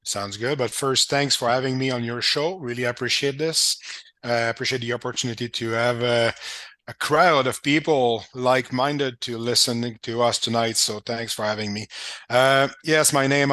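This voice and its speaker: Older man, French Canadian accent, interview guest; bright, forceful tone, dry close sound. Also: mid-range voice, dry recording. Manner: speaks in short restarting phrases with fillers. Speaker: guest, property business owner. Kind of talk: interview talk.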